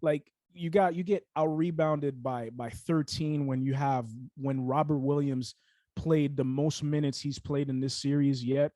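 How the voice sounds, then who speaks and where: A man's voice: fairly high pitch, steady tone, unhurried, warm tone, no echo. A young man co-hosting a casual sports podcast, ranting heatedly with lots of fillers and restarts.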